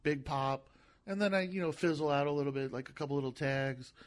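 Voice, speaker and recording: On a podcast, a comedian guest chats in a voice on the high side, moving at a fairly quick clip. His gentle tone seems softer than his looks, and his speech is full of repeated words and restarted sentences.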